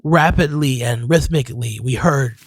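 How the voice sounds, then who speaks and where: A man narrating a horror story in a measured, scripted storytelling manner. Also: mid-range voice. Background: faint music.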